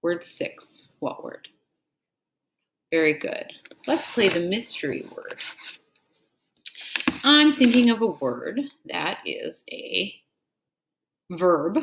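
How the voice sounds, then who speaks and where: A woman teacher leads a reading drill with a slow, unhurried delivery and a fairly low voice. She names each item and asks for the word over and over, praising the answers, and she reads the story passage with care. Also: big pitch swings, background noise. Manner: call-and-response prompting, repeating "what word?" after each item; patient and encouraging, praising answers. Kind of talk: scripted reading drill and read-aloud.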